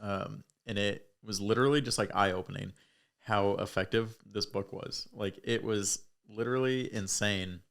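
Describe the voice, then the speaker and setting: A man's voice: fairly low pitch, fairly even intonation, moderate pace, gravelly, fairly bright tone. A young man who is a podcast guest, talking earnestly in casual chat and leaning on "like" as a filler.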